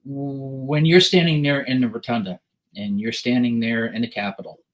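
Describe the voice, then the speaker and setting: Man from connecticut, co-host, mid pitch, rambling questions, lots of fillers. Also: steady tone, moderate pace, rough recording. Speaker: podcast co-host.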